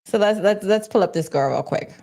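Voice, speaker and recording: A woman hosts a casual livestream in her own everyday voice. She talks bluntly and swears freely, often stopping to restart a sentence. Her pitch sits in the middle range. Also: brisk, warm tone. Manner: blunt and profane, with frequent restarts. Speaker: host.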